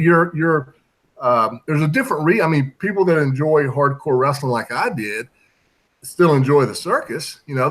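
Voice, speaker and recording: A man from Tennessee talking as a guest on a talk show, reflective and halting. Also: mid-range voice, fairly bright tone. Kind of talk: casual chat.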